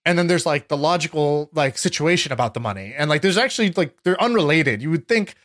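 A man's voice: fairly high pitch, animated, fast talker, fairly bright tone. A young man telling stories in casual conversation, rambling with lots of filler words and restarts.

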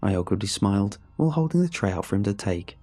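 A man reading a scripted horror story in a measured, somber way. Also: on the low side, big pitch swings, warm tone. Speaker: narrator. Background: faint music.

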